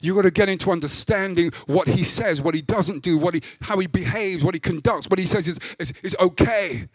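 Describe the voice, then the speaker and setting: A man preaching a sermon as pastor, emphatic, with loud rising peaks. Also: sits high, fairly quick, husky, dry recording.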